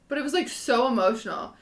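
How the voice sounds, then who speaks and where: A young woman in her twenties, a podcast co-host, chatting casually and telling a story in an animated way, full of fillers. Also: high-pitched, roomy sound. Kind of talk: casual chat.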